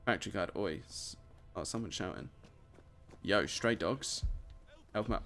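A man with a British accent giving excitable, laughing commentary while playing a video game. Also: fairly low pitch, brisk, music in the background. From United Kingdom. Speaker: gamer, channel host. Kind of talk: casual let's-play commentary.

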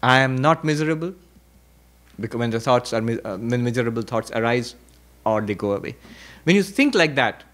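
A man's voice: lively intonation, brisk, fairly bright tone. A man, a monk, giving a reflective spiritual lecture at a retreat, repeating key phrases and posing questions. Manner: reflective teaching with repetition and rhetorical questions; varies pitch and pace for emphasis.

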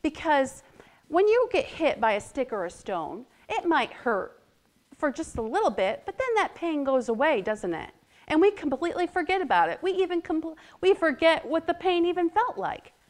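A woman teaching a children's Bible lesson, full of animated storytelling. Her voice sits fairly high and swings widely in pitch as she dramatizes each moment and puts on voices for the characters. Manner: animated, expressive, acts out voices.

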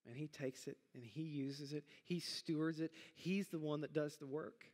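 A middle-aged man preaching a sermon as pastor, talking in a conversational, animated way with big jumps in pitch. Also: normal speed, in a large hall. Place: church sanctuary.

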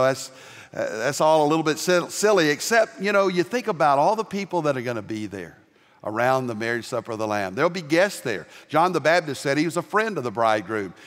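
Older Southern preacher in a reverberant sanctuary. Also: male voice, mid-range voice. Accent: Southern American. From American South. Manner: rising to loud emphatic preaching, homespun humor. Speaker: pastor. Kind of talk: sermon. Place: large church sanctuary. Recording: long reverb of a large church.

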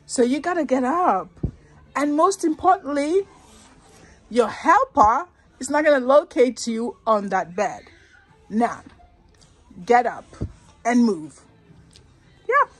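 A young woman vlogging casually while shopping, chatty and excitable, laughing often. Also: high voice, slow pace, long pauses, husky. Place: shopping mall.

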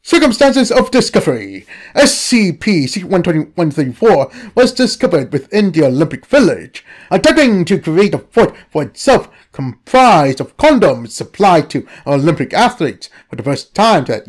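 A narrator reading a comedic anomaly file in a scripted style. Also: mid-range voice.

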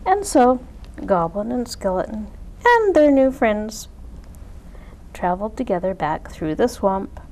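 Slow, expressive woman reading a storybook. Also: mid-range voice, a little hiss or hum, poor audio. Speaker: story reader. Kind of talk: children's storytime read-aloud.

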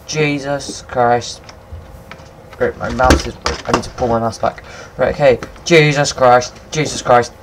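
A young man giving casual, excitable game commentary at his computer, swearing often and talking to himself. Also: mid-range voice, a little slow, noisy background. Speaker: gaming video maker. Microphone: computer mic, no headset.

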